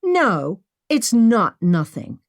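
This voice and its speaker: A woman's voice: mid-range voice, huge pitch swings, drawn-out words, dry recording, clean studio sound, exaggerated voice. A woman voicing an impulsive, upbeat young woman who brushes off worry, in an audiobook.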